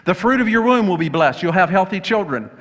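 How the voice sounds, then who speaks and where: Male pastor, high bright voice, animated sermon delivery, hall reverb. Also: brisk. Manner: storytelling, rhetorical questions, frequent fillers.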